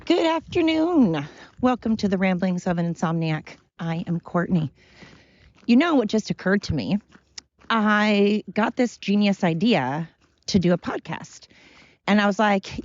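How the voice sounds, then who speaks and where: A woman's voice: medium pitch, animated, measured pace, no echo, highs cut off. A woman hosting her own podcast in a loose, self-deprecating ramble, out of breath as she walks uphill outdoors. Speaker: podcast host. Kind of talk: casual rambling monologue. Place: outdoors, walking up a hill.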